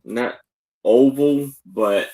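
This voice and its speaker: Slow, halting man hosting a live sale. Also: mid-range voice, warm tone. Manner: slow, halting descriptions with many fillers. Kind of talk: casual live sale chat.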